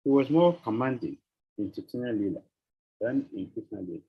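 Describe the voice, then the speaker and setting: A man giving a devotional lecture, telling sacred stories with rhetorical questions and an animated, questioning manner. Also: medium pitch, a little fast, breathy edge, narrow, tinny audio. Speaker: spiritual teacher.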